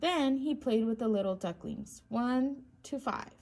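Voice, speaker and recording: A woman, a preschool teacher, reading a children's storybook aloud in a slow, expressive way. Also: a little high.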